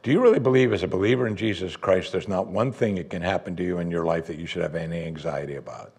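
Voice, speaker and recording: A man preaching a sermon as pastor, conversational, voicing his listeners' doubts in a higher voice. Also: quick pace, a little mellow, breathy edge. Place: church sanctuary.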